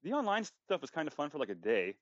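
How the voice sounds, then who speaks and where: A man chatting on a podcast at a rapid clip, joking and swearing freely. The sound is dull and lo-fi, with no room echo. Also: fairly high pitch, huge pitch swings. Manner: profane, joking, quick-talking. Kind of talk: casual chat.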